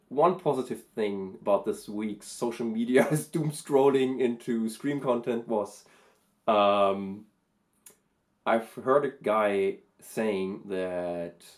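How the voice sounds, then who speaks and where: A man talking through a casual vocal lesson, thoughtful and hesitant, with many pauses and fillers. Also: lowish voice. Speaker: vocal coach and vlogger.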